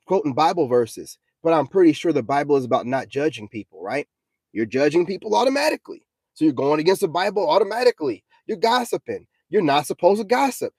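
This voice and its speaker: A man's voice: mid-range voice, a little mellow, slightly rough, no echo. A young adult man ranting in a combative, preachy vlog monologue, repeating himself and often asking "you know what I'm saying". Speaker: self-styled spiritual vlogger.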